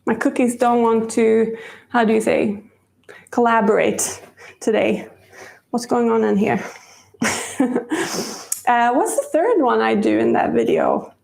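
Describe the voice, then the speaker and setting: A woman's voice: on the high side, sing-song, measured pace, gravelly, a little mellow, roomy sound. A woman hosting a casual live-stream baking demo, chatty and rambling and laughing often. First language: Swedish. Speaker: cooking show host.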